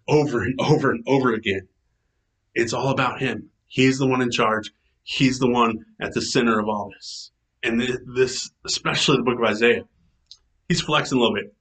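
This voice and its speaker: Man, pastor, casual devotional talk, bright clear tone, chatty and enthusiastic. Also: mid-range voice, normal speed, poor audio. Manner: chatty, enthusiastic, self-described nerd; animated quoting in character voices.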